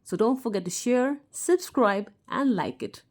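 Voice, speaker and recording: A woman's voice: a little high, animated, unhurried. A woman teaching simple phrases to children, explaining patiently and lifting her voice on the example sentences. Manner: clear, patient explaining with bright, sing-song example phrases. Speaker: English teacher for kids. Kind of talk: simple spoken lesson.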